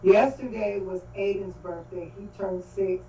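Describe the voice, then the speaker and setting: An older woman talks in a warm, dark voice, halting and faith-filled, breaking off mid-phrase. She sounds distant and echoey over dull video-call audio with a faint hiss behind her. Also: medium pitch, steady tone. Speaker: grieving great-grandmother speaking at a livestream. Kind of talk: emotional testimony on a video call.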